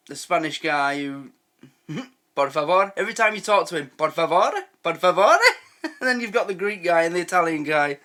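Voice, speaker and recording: On the high side with a sharp tone, this man hosts a reaction video, offering casual, chatty commentary on a sitcom. He laughs often and keeps restarting his sentences.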